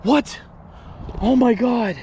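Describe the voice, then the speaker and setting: High-voiced guy in his 30s rambling in the woods, swears a lot, gets super hyped, bit of background noise. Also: slow pace. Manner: excitable, rambling, swearing, jokey. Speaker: paranormal explorer vlogger. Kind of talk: casual outdoor vlog. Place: woods outdoors.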